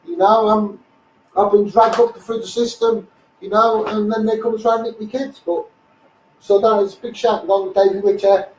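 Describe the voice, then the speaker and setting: A man with a Scouse accent rants bluntly into a live stream. His voice sits high. He sounds a little away from the mic in an echoey room. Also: level tone, normal speed, distant mic, slight background noise. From Liverpool, England. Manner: blunt, combative, repeats "you know what I mean". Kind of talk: ranting live stream monologue.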